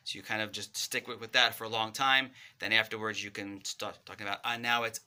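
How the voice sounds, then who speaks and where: A man's voice: on the low side, a little fast, few pauses. A man who works as a speech pathologist, giving parents a casual, friendly lesson and acting out playtime with toys. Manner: friendly, animated demonstrations with toys. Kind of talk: casual instructional talk to parents.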